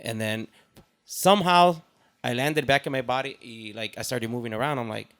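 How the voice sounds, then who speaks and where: A man's voice: mid-range voice, normal speed, a bit bright. A man telling his story as a podcast guest, blunt and laid-back, with plenty of swearing. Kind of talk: casual chat.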